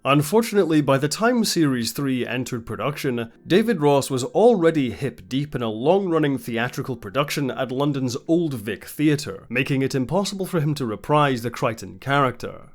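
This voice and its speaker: A man narrating a scripted TV retrospective in a measured, informative way. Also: mid-range voice, animated. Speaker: video essay narrator.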